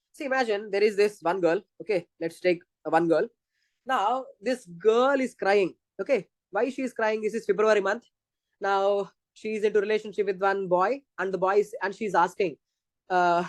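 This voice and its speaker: This exam-prep physiology lecturer speaks with an Indian English accent at normal speed, his voice sitting high. The recording is dry, and he goes step by step, repeating his points.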